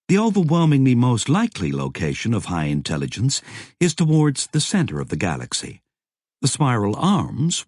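A man reading a science fiction audiobook in a measured way, lifting his voice for the characters' dialogue. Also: sits low, slightly rough, dry recording, studio quality. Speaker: audiobook narrator. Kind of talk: scripted narration.

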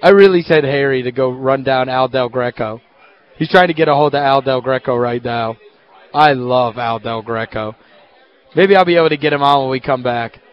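A man hosting a sports radio show, telling stories in an animated, casual way. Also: medium pitch, moderate pace, smooth, lo-fi sound. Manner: animated storyteller, excitable. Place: hotel at a media event.

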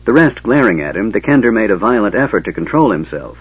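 A man narrating an audiobook in an expressive storytelling manner. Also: on the low side, fast, hardly any pauses, husky, dry recording. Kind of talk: scripted narration. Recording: dull lo-fi tape, dry.

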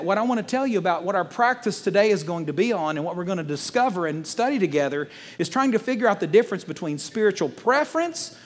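A man preaching from a church pulpit, his voice sitting high for a man and lifting often when he gets excited. He talks to the congregation as if chatting, mixing jokes into the message. A long reverb from the sanctuary trails behind his words. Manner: animated, conversational preaching with playful asides. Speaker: pastor. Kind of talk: sermon.

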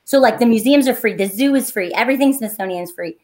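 Casting: bubbly woman in her thirties, light Appalachian twang, a bit high-pitched, podcast guest. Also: fast, darkish tone. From Eastern Kentucky, Appalachia. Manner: bubbly, laughs often. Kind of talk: casual chat.

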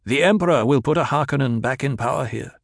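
A man's voice: mid-range voice, fast, vocal fry, no room sound, studio quality, voice pushed up. A man voicing a cold, commanding young duke.

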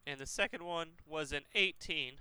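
Crisp, very bright young man. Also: fairly high pitch, normal speed, no echo. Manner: laid-back, counts out dice rolls. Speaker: tabletop game player. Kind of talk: casual game chat.

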